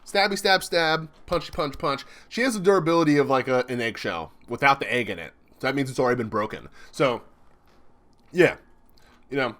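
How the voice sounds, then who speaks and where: A young man excitedly commenting live as he reads a comic chapter, chatty and laughing often. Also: medium pitch, a little fast. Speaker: streamer reacting to a manga chapter.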